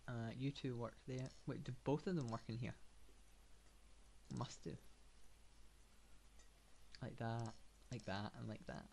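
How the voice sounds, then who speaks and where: A man's voice: medium pitch, slow pace, gravelly, pauses often, a little mellow, a little hiss or hum. A man giving casual gameplay commentary, thinking aloud with lots of fillers and dry, sarcastic asides. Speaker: gamer.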